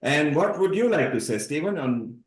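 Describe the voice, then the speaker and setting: A man's voice: fairly high pitch, big pitch swings, moderate pace. A man hosting a live online celebration, moderating speakers in an upbeat, rambling way over a video call. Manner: upbeat, rambling, folksy phrasing. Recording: roomy echo.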